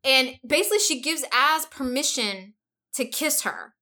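Bright high-voiced woman gossiping. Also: normal speed. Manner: animated, gossipy storytelling with slang. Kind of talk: casual book discussion chat.

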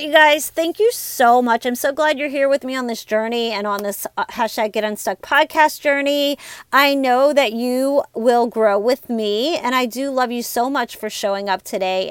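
A woman's voice: a little high, clear, resonant tone, dry recording. Upbeat chatty woman podcast host. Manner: upbeat, chatty, says "you guys" and "like" often. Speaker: podcast host and life coach. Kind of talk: casual motivational podcast talk.

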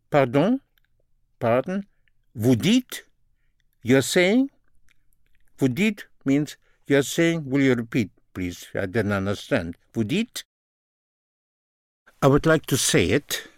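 Man, language teacher, very slow and deliberate, dry close sound. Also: mid-range voice, very animated, no room sound. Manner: slow, deliberate, repeats phrases in two languages. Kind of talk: recorded language lesson.

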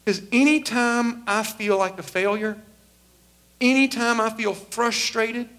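A pastor in his forties preaches with a high, bright voice. He tells a personal story and lively acts out the voices of the people in it. His voice stays high and bright throughout. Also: measured pace. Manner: animated storyteller acting out quoted voices. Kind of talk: sermon storytelling.

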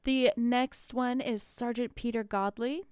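A woman's voice: fairly high pitch, a little slow, clean tone, no room sound, studio quality. A woman co-hosting a casual podcast, recapping a movie with frequent laughs. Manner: laughs often, chatty and relaxed. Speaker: podcast co-host.

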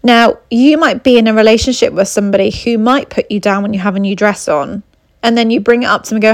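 A woman's voice: a little high, fast, dry recording, studio quality. A woman, a coach giving earnest advice to camera, repeating her key points and checking in with the listener. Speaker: confidence coach and abuse recovery mentor.

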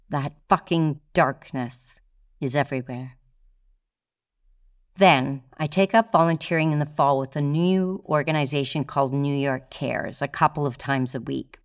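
A woman performing a first-person true story, speaking in a measured, deliberate way with weighty pauses. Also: low voice. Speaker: solo performer telling her own story.

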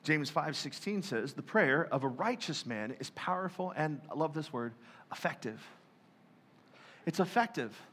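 Bright-voiced male pastor preaching. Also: a little high, normal speed. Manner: lively, joking, acts out prayers in mock voices. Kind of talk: sermon.

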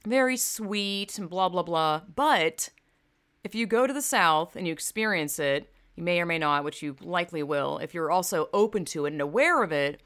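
A woman's voice: medium pitch, a bit bright. A woman from the American South, ranting in a casual, profane, rambling way, full of fillers. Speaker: vlogger. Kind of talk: casual rant to camera. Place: home in California.

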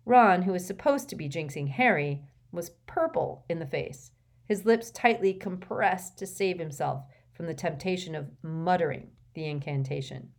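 A woman narrating a novel as an audiobook, in a steady, measured storytelling manner. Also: lowish voice, gravelly. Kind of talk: scripted narration.

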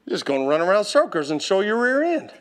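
A man preaching a sermon as a personal story, animated and laughing, often calling out to the congregation. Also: sits high, fast talker.

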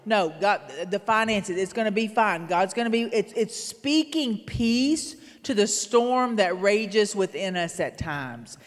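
A woman's voice: medium pitch, animated, a little slow, few pauses. Earnest woman preaching in an echoing church. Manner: earnest, rhythmic, repeating phrases. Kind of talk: sermon. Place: church sanctuary. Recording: long hall reverb in a sanctuary.

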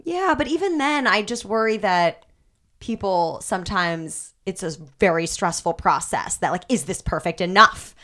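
A woman's voice: mid-range voice, animated, moderate pace, a bit bright. Woman losing her voice, chatty guest. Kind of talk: casual podcast chat.

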